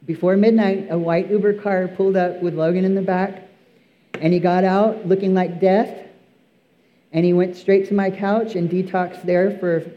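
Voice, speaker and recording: A man with a high-pitched voice tells his church testimony in an earnest, emphatic way, often pausing on fillers and restarting. The recording sounds slightly dull and lo-fi. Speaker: person giving a testimony.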